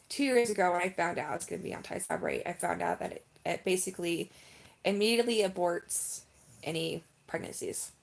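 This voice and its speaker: A woman vlogging in a casual live-stream chat, talking in an emphatic, rambling way with lots of "like" and "um". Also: medium pitch. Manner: chatty and emphatic, heavy use of "like" and "um".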